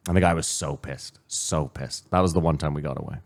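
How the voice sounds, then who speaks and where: A man from Canada with a very low voice tells stories on a podcast. He is a co-host in his forties, chatting casually and swearing freely. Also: fairly quick, gravelly. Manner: swearing, animated storyteller. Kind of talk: casual chat.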